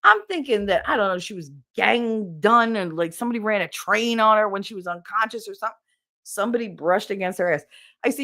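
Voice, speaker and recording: A woman hosting a podcast, telling a story in a blunt, profane, animated way from her home office. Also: medium pitch, brisk. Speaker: podcast host. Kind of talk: casual storytelling.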